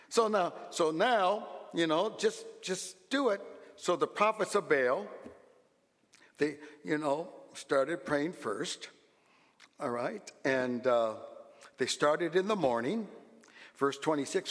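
A man preaching a sermon as a pastor, swinging from low asides to loud, animated exclamations. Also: big-room sound.

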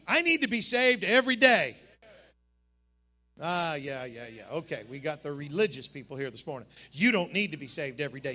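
High-voiced, bright-toned preacher. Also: male voice. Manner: emphatic, swinging from quiet asides to shouted climaxes. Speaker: pastor. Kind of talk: sermon. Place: camp meeting service.

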